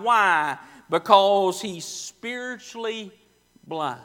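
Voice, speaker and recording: Male preacher, very high voice, emphatic repetitive sermon delivery in a church. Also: lively intonation, sharp tone. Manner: emphatic preaching, repeating phrases with slow stressed words. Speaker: pastor. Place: church sanctuary.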